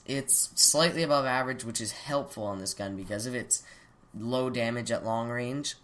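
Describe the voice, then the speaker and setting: A man's voice: lowish voice, fairly bright tone. A young man hosting his gaming channel, chatting loosely through a weapon review on a desktop mic, stopping to excuse his hiccups and coughs. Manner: chatty, rambling, self-interrupting. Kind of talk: casual game commentary. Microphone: desktop USB mic.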